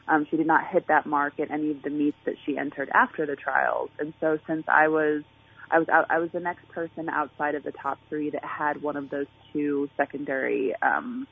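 Her voice is low, slightly rough and marked by vocal fry. This woman, an Olympic track and field athlete, chats through a phone interview with plenty of fillers and restarts, on a tinny line.

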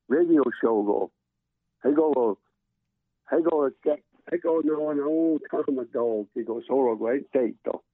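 An older man giving a spoken prayer over the phone, chanting with sudden high swoops in pitch. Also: no echo. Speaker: prayer giver. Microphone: phone call. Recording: phone line.

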